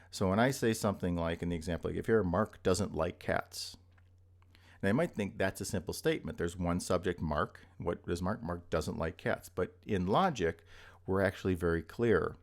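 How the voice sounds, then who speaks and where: Low, gravelly-voiced man teaching logic. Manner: explanatory, repeats points with frequent "right?" checks. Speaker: logic instructor. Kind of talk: recorded lecture.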